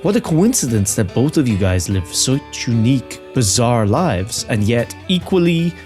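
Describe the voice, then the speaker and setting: A man's voice: mid-range voice, sing-song, normal speed, a little mellow, faint music behind. A man playing his character at a tabletop game, bewildered and snobbish. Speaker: player.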